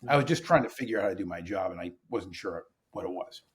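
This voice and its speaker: A man's voice: sits low, fast, husky. A man who trains teachers, a guest on a podcast, telling stories in conversation and acting out the dialogue. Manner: animated, acts out dialogue in changing voices. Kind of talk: conversational storytelling.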